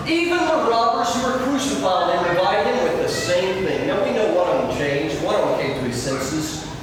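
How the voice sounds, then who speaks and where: A man preaching a sermon with earnest, dramatic emphasis and pauses. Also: sits high. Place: church hall. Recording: echoey hall, distant mic, noisy.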